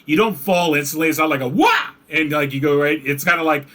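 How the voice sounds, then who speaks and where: A man's voice: on the high side, steady tone, fast, bright, forceful tone. A man running a tabletop game as game master, acting out the players' reactions with laughs.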